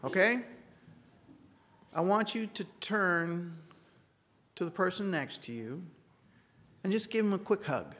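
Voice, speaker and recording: A man's voice: high-pitched, lively intonation, slow pace, pauses often, background noise. A man giving an earnest sermon in a church hall, telling a personal story and acting out the dialogue in it. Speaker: speaker giving a church talk. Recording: long reverb of a large room.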